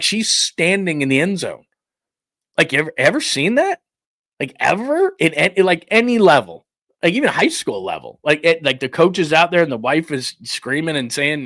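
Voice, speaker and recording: A man hosting a sports talk show, ranting in a rambling, incredulous way and acting out quick quotes. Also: medium pitch, animated, a bit bright, no room sound, studio quality. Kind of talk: live-stream sports talk, reading supers.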